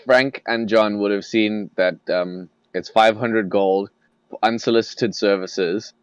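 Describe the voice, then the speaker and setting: A game master narrating a tabletop session. He has a low, smooth, clear voice and talks in a relaxed, halting way. The sound is close and dry. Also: no echo, lo-fi sound. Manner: relaxed, hesitant with fillers.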